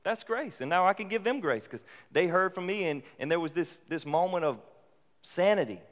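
A man's voice: sits high, moderate pace. Conversational male pastor in a reverberant hall. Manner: conversational, rising to animated bursts. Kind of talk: sermon.

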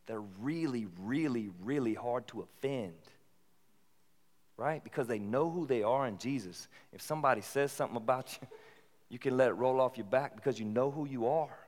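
A man delivering a sermon as if talking with friends, casual and direct, now and then climbing into lively, emphatic stretches. His voice sits at an ordinary pitch. The sound carries a long hall reverb. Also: a little fast. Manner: conversational, rising to animated bursts. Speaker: pastor.

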